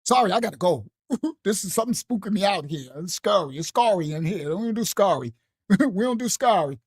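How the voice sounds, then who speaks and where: A woman's voice: mid-range voice, animated, brisk, slightly rough, dry recording. A woman leads a ministry lesson on a late-night live stream in an easy, conversational way. Her voice sits in the middle of the range and sounds dry and close. She speaks straight to her viewers, laughs often and circles back over the same points. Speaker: ministry teacher. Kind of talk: casual live-stream teaching.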